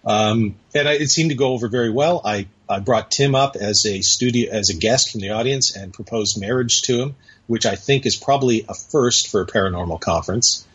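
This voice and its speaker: Husky man telling a rambling story. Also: lowish voice, fairly quick, fairly bright tone. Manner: chatty, rambling anecdote with hesitations. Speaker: podcast guest. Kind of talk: casual storytelling conversation. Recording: dull lo-fi audio.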